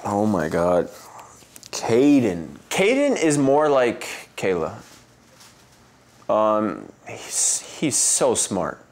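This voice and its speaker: Interview guest, male, 30s, lower pitch, rambling casual storyteller who laughs easily. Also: wildly swooping pitch, drawn-out words, a little mellow. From United States. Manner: rambling, heavy use of "like" and "um", laughs often, mimics voices in quotes. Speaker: interview guest, Olympic swimmer.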